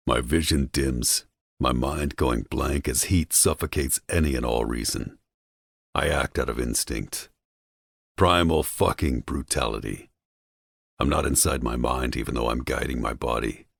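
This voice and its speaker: A man narrating a first-person audiobook with a dark, menacing delivery, recorded on a close studio mic. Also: a bass voice, a little slow, vocal fry, husky, no room sound.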